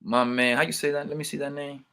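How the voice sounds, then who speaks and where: A fast-talking man with a slightly high, steady voice, vocal fry and a sharp tone runs a casual livestream. He calls out viewer names, says hello, and teases them with loose slang.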